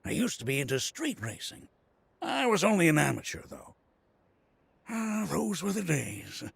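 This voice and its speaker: An actor playing an excitable older male mechanic and former street racer in a video game. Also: on the high side, normal speed, no room sound, heavily acted. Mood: friendly. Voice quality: gravelly, husky. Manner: bursts into shouting excitement and laughter.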